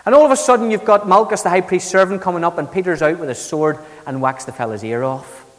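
Male preacher, animated storyteller, echoey church hall, slightly high voice. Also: quick pace. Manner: lively storytelling preacher, acts out Bible figures with big swings in loudness. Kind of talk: sermon.

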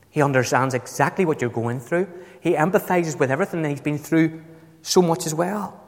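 A man preaching a sermon to a congregation, emphatic, his voice leaping up on key words. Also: brisk. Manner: emphatic, swings up to high ringing stresses. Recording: echoey hall with long reverb.

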